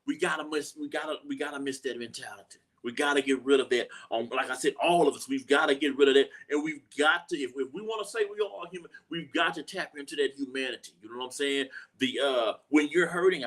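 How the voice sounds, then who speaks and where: A man's voice: mid-range voice, fast talker, hardly any pauses, fairly bright tone. A man hosting a live talk show, speaking earnestly, often repeating himself for emphasis and asking "you know what I'm saying". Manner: earnest, repeats lines for emphasis, acts out quoted voices. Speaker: host.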